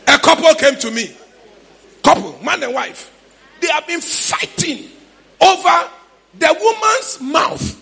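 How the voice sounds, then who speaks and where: A man with a Ghanaian accent preaching a sermon in church, shouting in a sing-song way with sudden high cries. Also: sing-song, takes it slowly, gravelly, long pauses. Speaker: pastor.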